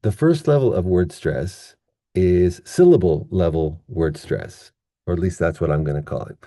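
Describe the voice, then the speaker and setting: A man teaching English pronunciation in an online lesson, patiently explaining step by step and slowing down to demonstrate how words are stressed. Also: low voice, dark tone, dry recording, clean studio sound.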